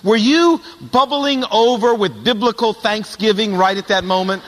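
A man's voice: high voice, normal speed, big-room sound, slight background noise. A middle-aged male pastor telling stories in a sermon, animatedly acting out the voices of the people in them. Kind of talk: sermon storytelling.

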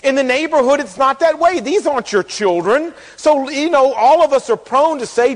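A man preaching a sermon as pastor, folksy and animated, acting out the quotes in the story. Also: extremely high pitch, normal speed, few pauses. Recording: long hall reverb.

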